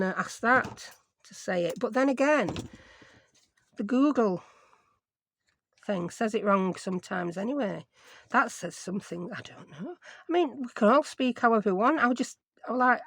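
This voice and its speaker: A woman's voice: a little high, dry recording. A woman chatting casually and rambling as she thinks aloud through a craft project. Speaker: craft vlogger. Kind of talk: casual chat while crafting.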